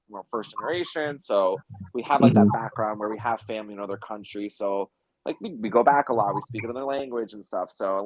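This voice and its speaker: A man's voice: on the low side, low-quality recording. Rambling young man telling travel stories. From United States. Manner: rambling storyteller, many fillers and restarts. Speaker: podcast guest. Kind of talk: casual chat.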